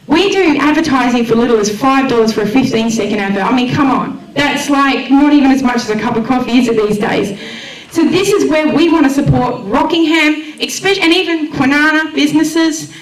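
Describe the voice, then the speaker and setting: An Australian woman speaking to a community event crowd, heartfelt and enthusiastic as she pitches her volunteer radio station. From Western Australia. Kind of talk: emotional public speech at a launch event. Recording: echoey room, voice far from the mic.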